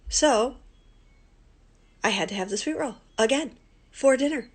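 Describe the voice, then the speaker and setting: A woman teacher telling a funny story to her class in a chatty, animated way, with plenty of ums. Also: medium pitch, normal speed, long pauses. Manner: chatty, animated, many fillers. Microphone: computer mic on a screen recording.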